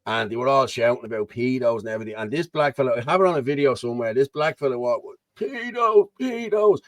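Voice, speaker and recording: A man's voice: mid-range voice, fairly even intonation, racing, no room sound. Rambling Irish man hosting. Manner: rambling, keeps saying "you know what I mean". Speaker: host. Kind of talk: casual chat on a video call.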